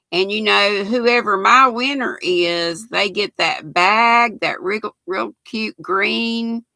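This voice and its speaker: Slow gravelly grandma host. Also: female voice, on the low side, bright, forceful tone, dry recording. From United States. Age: 60s. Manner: chatty, reads viewer comments aloud and greets viewers by name. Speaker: channel host reading live chat. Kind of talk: casual livestream chat.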